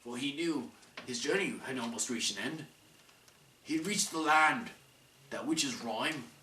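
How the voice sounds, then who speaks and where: A man's voice: mid-range voice, animated, a little slow, sharp tone. A young man narrating an amateur rhymed story in a playful, sing-song way. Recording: roomy, distant mic, faint noise.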